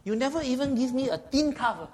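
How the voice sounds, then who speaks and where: A man's voice: a little high, expressive, normal speed, slight background noise, lightly acted. A man voicing a resentful young elder brother, complaining bitterly to his father. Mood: aggrieved. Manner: whining, complaining protest.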